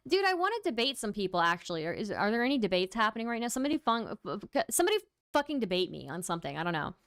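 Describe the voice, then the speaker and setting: A woman's voice: medium pitch, sing-song, very fast, a bit bright, dry recording, studio quality. A woman hosting a livestream in casual chat, wry and tired, laughing at her own jokes and thanking viewers for donations. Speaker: livestream host.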